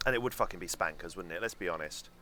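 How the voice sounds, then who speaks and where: Young London streamer, low, bright and lively voice, chatty and sweary, faint hiss under the mic. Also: male voice, fast. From England. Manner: chatty, sweary, answers chat aloud. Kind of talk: casual live-stream chat while gaming.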